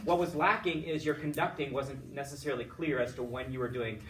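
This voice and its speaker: A man's voice: medium pitch, steady tone, fairly quick, hardly any pauses, a bit bright. Man, choral conducting teacher, chatty feedback, upbeat, rambling, distant mic, faint hiss. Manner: chatty, upbeat, full of fillers and restarts; sings solfege and chants rhythm words to demonstrate. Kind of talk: feedback after a student lesson.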